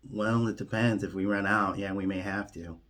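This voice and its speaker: A man voicing an older male leader who explains things in a calm, rambling, offhand way. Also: fairly low pitch, moderate pace, natural voice. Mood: apologetic.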